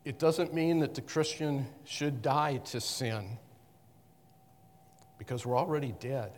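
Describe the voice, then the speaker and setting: A man teaching the Bible to a congregation in a conversational way, pausing and correcting himself often. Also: medium pitch. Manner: halting, with frequent restarts and self-corrections. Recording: long reverb of a hall.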